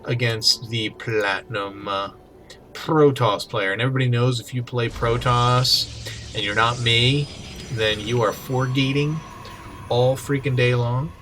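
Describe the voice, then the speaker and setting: A man's voice: mid-range voice, fairly even intonation, unhurried, a bit bright. A young man hosting a casual game-replay commentary, chatty and playful with jokey asides. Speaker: host, game caster. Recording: faint music behind.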